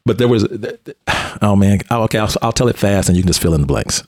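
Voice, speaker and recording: A man hosting a conversation, a police officer and mentor telling a story in an animated way and often restarting his phrases. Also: fairly low pitch, quick pace, no echo, clean studio sound.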